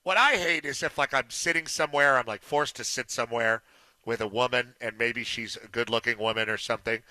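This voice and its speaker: A man's voice: medium pitch, fairly quick, bright, forceful tone, dry recording. A man co-hosting a sports radio show, cracking teasing jokes in casual chat. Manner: teasing wisecracks. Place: radio studio.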